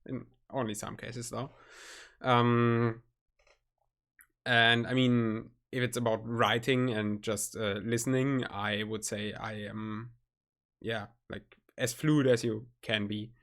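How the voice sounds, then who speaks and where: A man with a German accent, a native German speaker, chatting casually on a stream, halting and searching for his words. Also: medium pitch, level tone, a bit bright. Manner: halting, searching for words, nervous self-conscious laughs.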